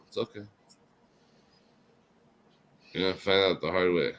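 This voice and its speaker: A drunk man hosting a casual chat show, rambling and swearing, swinging between loud outbursts and mumbled asides. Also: deep voice, racing. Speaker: show host.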